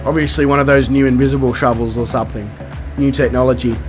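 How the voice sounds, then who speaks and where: With music playing behind him, a man with an Australian accent streams a flight game and rambles casually to his viewers in a self-mocking way. His voice is mid-range and steady, and he talks quickly.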